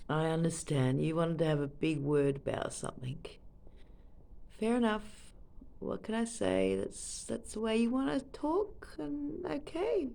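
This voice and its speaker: A woman with an Australian accent at home, talking softly and fondly to her pet parrot while filming it on her phone from close by. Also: mid-range voice, very animated, a little slow, creaky. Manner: soft, doting baby-talk to her bird. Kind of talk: casual chat to a pet on camera. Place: at home, leaning over a couch. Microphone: phone camera held close.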